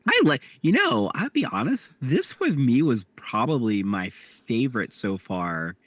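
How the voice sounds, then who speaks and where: A man's voice: medium pitch, big pitch swings, unhurried, fairly bright tone, no echo. A man co-hosting a podcast, chatting eagerly and peppering his talk with "like". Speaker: podcast co-host. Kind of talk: casual chat.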